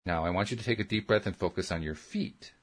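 A man voicing a calm, patient female counselor who gives slow, soothing instructions in an audiobook. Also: low-pitched. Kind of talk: audiobook character reading.

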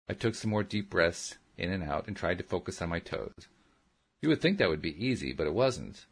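A man's voice: low voice, animated, brisk, breathy edge. A man reading a first-person story aloud as an audiobook narrator, in a plain, earnest storytelling manner.

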